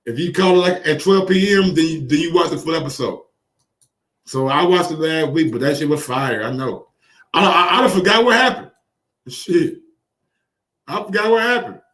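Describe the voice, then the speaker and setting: A man hosting boxing commentary, reacting in casual, profane, excitable talk and repeating phrases for emphasis. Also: a little high, normal speed, echoey room, distant mic. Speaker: boxing commentary channel host.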